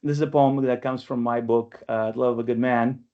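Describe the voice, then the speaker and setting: Gravelly-voiced man teaching online. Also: medium pitch, steady tone, fairly quick. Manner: explanatory, keeps asking "right?". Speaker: workshop instructor. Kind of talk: online poetry lecture. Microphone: video call. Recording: lo-fi video call audio.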